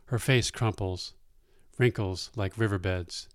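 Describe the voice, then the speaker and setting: A man reading a first-person story aloud in a plain-spoken, unhurried way. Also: low voice, no echo, studio quality.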